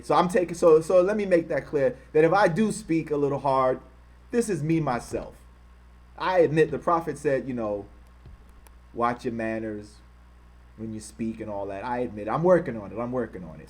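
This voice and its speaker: A man hosting his channel who reads out quotes in heated commentary, angrily insulting his target and repeating himself for emphasis. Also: medium pitch. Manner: says he is trying to control his harsh speech. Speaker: channel host.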